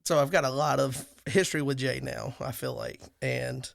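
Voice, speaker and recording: A man's voice: medium pitch, steady tone, normal speed, gravelly, dry recording, studio quality. A man co-hosting a podcast, chatting casually, joking and rambling with restarts. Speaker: podcast co-host. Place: lives in Alabama.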